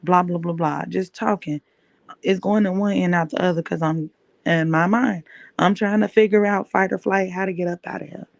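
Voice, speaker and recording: A woman's voice: lowish voice, fairly even intonation, moderate pace, gravelly, no room sound, lo-fi sound. A woman podcast host telling a personal story in an emphatic way, repeating key phrases.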